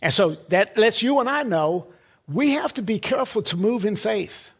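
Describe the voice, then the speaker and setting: A man's voice: sits high, lively intonation, normal speed, slightly rough. A man preaching a sermon, emphatic, repeating words and building lists.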